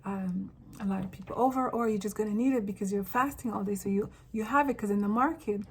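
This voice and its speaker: A woman from Africa talking straight to camera in a casual, animated monologue, full of rambling asides. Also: medium pitch, fast, slightly rough, rough recording. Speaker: vlogger.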